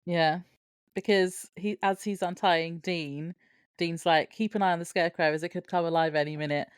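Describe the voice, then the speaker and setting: Lower-voiced woman co-host, dry sound. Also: fairly even intonation, moderate pace, clear, resonant tone, no room sound. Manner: chimes in briefly, laughs along. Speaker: podcast co-host. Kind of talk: casual chat.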